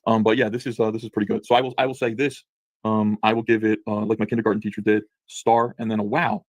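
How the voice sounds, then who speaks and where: Fast-talking sarcastic man reviewing comics. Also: lowish voice, flat delivery. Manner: sarcastic, indignant, rapid-fire. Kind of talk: video review commentary.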